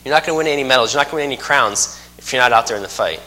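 A man's voice: mid-range voice, racing, pushed and bright. A man preaching a sermon, folksy and emphatic, with joking asides.

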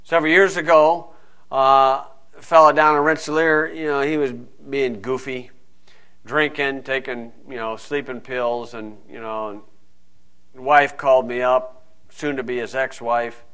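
A man's voice: medium pitch, steady tone, measured pace, a bit bright, clear, resonant tone. A man preaching a folksy, conversational sermon full of asides. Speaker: pastor.

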